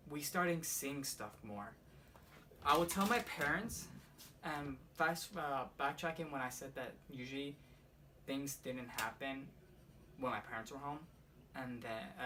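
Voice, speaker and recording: A young man casually rambling through a personal ghost story for his vlog, swearing often and filling every pause with "like". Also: mid-range voice, pushed and bright. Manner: rambling, profane, heavy use of "like". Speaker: vlogger. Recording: slightly distant mic with faint room noise.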